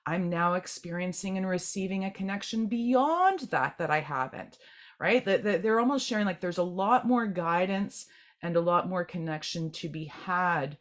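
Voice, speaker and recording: A woman giving a channeled group tarot reading, gentle and meandering, often restarting and repeating words as she speaks. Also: lowish voice, a little slow. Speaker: tarot reader.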